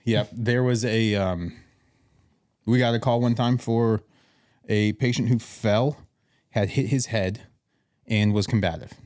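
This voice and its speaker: Man, podcast host, low voice, casual storyteller, acts out dialogue, swears. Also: a little slow, long pauses, darkish tone, no room sound, clean studio sound.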